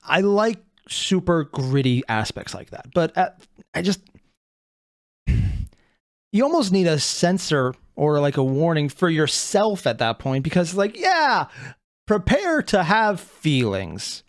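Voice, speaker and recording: Animated reaction host, lively pitch. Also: slow pace, no echo, clean studio sound. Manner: animated, swears often, thinks aloud. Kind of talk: casual reaction commentary.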